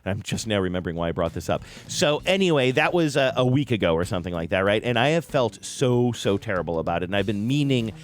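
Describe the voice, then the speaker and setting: A man's voice: lowish voice, animated, quick pace, few pauses, slight background noise. A middle-aged man hosting a podcast, telling a story in a casual, self-deprecating way and raising his voice when he quotes people. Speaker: podcast host.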